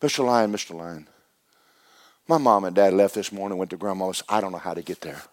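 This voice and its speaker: A man's voice: deep voice, a little fast, no echo, studio quality, natural voice. A preacher voicing a lost little male creature who keeps begging each animal for directions. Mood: pleading. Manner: pleading, repeating himself.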